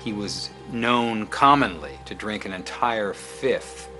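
A man's voice: on the low side, slow, over music. A man commenting in an interview, thoughtful and hesitant, with fillers.

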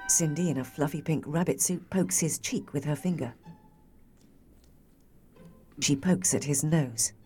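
A woman reading scripted audio description of a film in a measured way. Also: deep voice, dark tone, faint music behind.

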